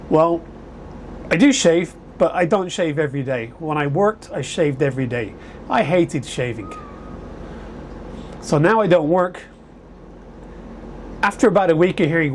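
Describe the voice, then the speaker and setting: A man's voice: a little high, lively intonation, normal speed, long pauses, slight background noise. A man vlogging casually to camera, chatty and rambling with frequent self-corrections, at home indoors. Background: air conditioner humming.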